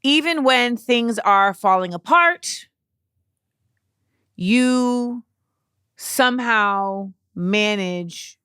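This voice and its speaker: A woman hosting a podcast, telling a personal story in a slow, reflective monologue that halts and restarts as she searches for words. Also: a little high, expressive, bright, forceful tone, clean tone, no echo, clean studio sound. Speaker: podcast host.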